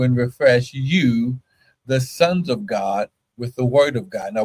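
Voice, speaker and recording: A man preaching as a pastor, fervent, repeating phrases and breaking into whoops and hallelujahs. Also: medium pitch. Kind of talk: sermon.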